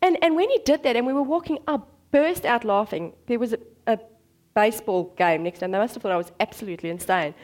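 A woman preaching a sermon, telling stories in an animated way and acting out the voices in them. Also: fairly high pitch, fast talker. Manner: animated storytelling, acts out voices.

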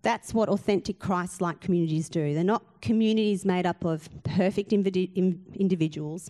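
A woman's voice: on the low side, mellow. A woman pastor, giving an earnest sermon full of rhetorical questions and emphatic repetition.

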